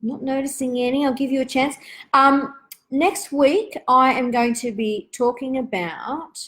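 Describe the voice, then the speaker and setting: A woman, hosting a live online Q&A for parents in a gentle, reflective, chatty way with many asides. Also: medium pitch, rough recording.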